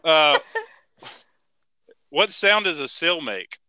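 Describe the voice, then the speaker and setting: A woman's voice: fairly low pitch, huge pitch swings, slow, vocal fry, bright, forceful tone, smooth, no echo. A woman host in a casual interview, laughing often and asking quirky questions.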